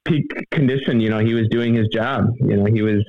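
Middle-aged man, gravelly and low, flat delivery, rambling and earnest, tinny phone line. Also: fairly quick, dry recording. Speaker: guest telling a hunting story. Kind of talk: casual storytelling interview.

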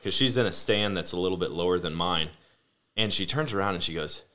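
A man hosting a podcast, telling rambling, animated anecdotes in a casual family chat. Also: low-pitched, a little fast. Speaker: podcast host. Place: home room with family.

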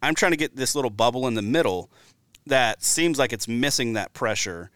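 Smooth-voiced man hosting a podcast. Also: mid-range voice, moderate pace, dry recording. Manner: chatty storyteller, lively asides. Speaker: podcast host. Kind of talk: casual podcast interview.

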